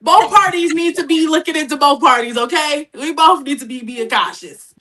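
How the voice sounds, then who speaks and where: A woman co-hosting a casual chat, playful and animated, often laughing. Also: high-pitched, moderate pace, a little hiss or hum.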